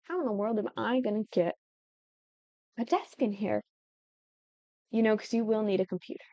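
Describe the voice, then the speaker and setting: A woman's voice: mid-range voice, normal speed, dark tone, no room sound, dull audio. A young woman giving casual, chatty gameplay commentary while she builds, often breaking off mid-thought and giggling. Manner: chatty and self-interrupting, with giggles. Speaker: Sims building tutorial creator.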